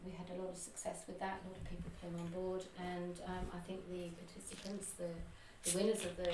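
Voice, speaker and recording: A woman's voice: on the low side, little pitch movement, fast talker, noisy background. A woman organising community events, talking in casual chat with frequent ums and restarts. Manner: hesitant, many restarts and ums. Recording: echoey room, a bit far from the mic.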